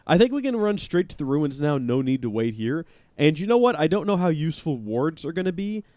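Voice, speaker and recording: Man, game streamer, animated, joking, dry sound. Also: fairly high pitch, brisk, no echo. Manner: chatty, joking, reads chat aloud. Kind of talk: live let's-play commentary.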